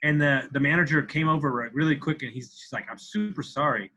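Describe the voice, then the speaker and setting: A man's voice: fairly high pitch, fairly even intonation, quick pace, sharp tone, low-quality recording. A man in his thirties talking as a podcast guest, intense and profane, repeating himself for emphasis. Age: 30s. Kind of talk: candid interview talk.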